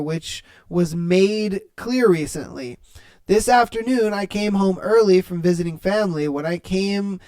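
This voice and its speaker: A man hosting a podcast, reading listener posts and answering with blunt, profane slang. His voice sits high for a man. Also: darkish tone. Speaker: podcast host. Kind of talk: reading and reacting to online posts.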